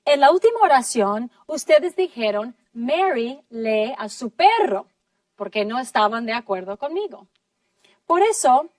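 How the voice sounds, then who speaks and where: A woman teaching a class, slowly and clearly modeling sentences and praising her students. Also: high voice, dry recording, far from the mic. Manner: slow, deliberate, encouraging, models sentences clearly. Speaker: English teacher. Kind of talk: classroom lesson in two languages.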